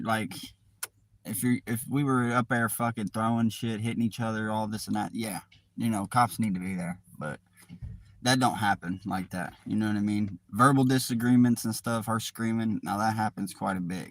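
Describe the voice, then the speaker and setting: Laid-back low-voiced stream host. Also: male voice, normal speed, dry recording. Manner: laid-back, chimes in with short replies. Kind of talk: casual live-stream chat.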